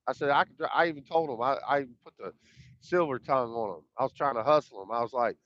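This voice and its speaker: A man's voice: mid-range voice, fairly quick, fairly bright tone, dry recording. A man telling a personal story in a folksy, rambling, colloquial way, acting out the dialogue. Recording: dull lo-fi dry sound.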